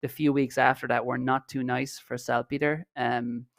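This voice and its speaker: A man's voice: medium pitch, little pitch movement, normal speed, creaky, a bit bright, no room sound, clean studio sound. An Irish man co-hosting a podcast, chatting casually and commentating on a marathon in a rambling, self-deprecating way. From Ireland. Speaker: podcast co-host. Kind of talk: casual chat, race commentary.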